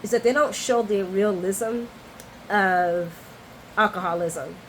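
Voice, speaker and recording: A woman hosting a casual soap opera recap, chatty, expressive and candid. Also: mid-range voice, slow, a little hiss or hum, poor audio.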